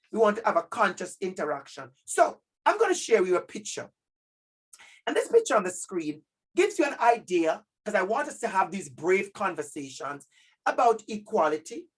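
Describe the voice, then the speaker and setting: Jamaican man, high voice, keynote speaker for parents, emphatic and repetitive, online call. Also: big pitch swings, moderate pace. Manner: emphatic, repeats key words, calls out audience names. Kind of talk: lively workshop presentation.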